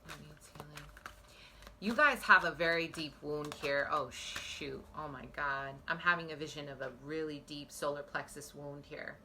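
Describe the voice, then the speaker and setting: Woman doing a tarot reading into her phone, low-ish voice, sharp and tense, real emotional and earnest. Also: moderate pace, few pauses, a little hiss or hum. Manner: earnest, emotional, speaks straight to viewers. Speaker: psychic tarot reader. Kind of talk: pick-a-card psychic reading to viewers.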